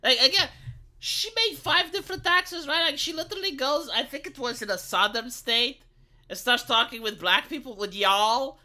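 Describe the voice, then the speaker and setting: A man from Romania hosting a casual stream, talking in an animated, mocking way and slipping into quick impressions. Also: very high-pitched. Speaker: streamer host. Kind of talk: casual political banter.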